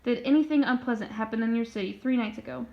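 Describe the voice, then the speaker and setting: A woman voicing a brisk, commanding queen in a storybook reading, speaking loudly and firmly. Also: fairly high pitch, gravelly. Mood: regal. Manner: loud, firm. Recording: dull lo-fi recording.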